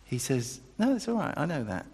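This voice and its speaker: A man preaching a sermon, animated and acting out the dialogue of the figures he quotes, often breaking off and restarting. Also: fairly quick, husky. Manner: animated, acts out quoted dialogue with pitch jumps, self-interrupting. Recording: long reverb of a large hall.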